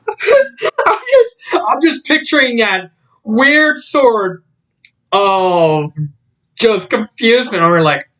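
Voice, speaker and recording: A man's voice: extremely high pitch, big pitch swings, slow, pauses often, fairly bright tone. A man casually reviewing a story, laughing often in disbelief and using many fillers. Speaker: fan fiction reviewer. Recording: dull lo-fi audio.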